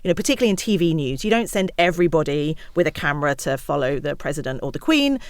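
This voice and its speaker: Casting: woman expert guest, rapid and animated delivery, dry close-mic sound. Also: sits low, no room sound. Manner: animated, acts out quotes of others. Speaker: guest, misinformation researcher. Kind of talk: podcast conversation.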